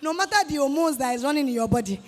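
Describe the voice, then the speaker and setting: Speaking very fast, a woman with a Nigerian accent and a high, bright voice gives students a motivational talk as a guest speaker. She scolds with lively energy and plays the people she quotes. A large hall lends her voice a long reverb tail.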